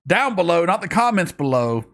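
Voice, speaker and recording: Male reaction host, rambling and caffeinated but tired, fairly high voice. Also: vocal fry. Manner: fast, rambling, excitable talk. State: tired from night shift. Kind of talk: casual episode recap.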